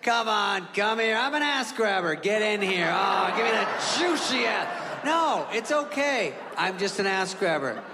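A man putting on the voice of a shameless old-school uncle who boasts slowly and loudly about groping people. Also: high voice, animated, heavy background noise. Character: brash older male uncle who gropes people. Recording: reverberant club hall with audience.

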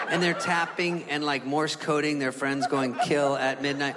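A male stand-up comedian tells stories at a quick pace on the stage of a large venue, acting out the people and animals in them and swearing freely, with sudden high squeaks and low mutters. It's a live hall recording with an audience, so a crowd and background noise can be heard.

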